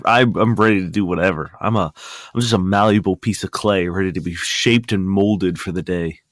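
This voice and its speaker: A man's voice: low voice, a little fast, a bit bright, no echo. A man co-hosting a sex and dating podcast who has just woken up, joking around in casual chat with a morning voice and stumbling restarts. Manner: jokey, self-deprecating, stumbling restarts. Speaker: podcast co-host.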